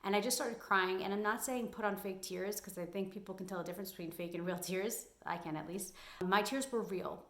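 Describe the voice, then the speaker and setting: A young adult woman talks straight to the camera in a personal advice vlog. She speaks in a candid, emphatic and blunt way, at a middle pitch. Her voice rings a little in a roomy space. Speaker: vlogger.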